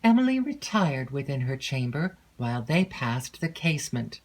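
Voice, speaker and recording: A woman narrating a classic gothic novel in an unhurried, measured storytelling voice. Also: a bass voice, lively intonation, low-quality recording. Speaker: audiobook narrator.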